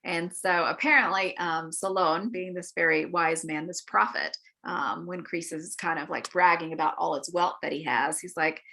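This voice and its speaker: Woman Bible study leader, lowish bright voice, chatty storyteller, lots of ums. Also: fairly even intonation, normal speed, gravelly, hardly any pauses. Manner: chatty storytelling with frequent ums and acted quotes. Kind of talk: adult-forum Bible lesson. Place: church meeting room.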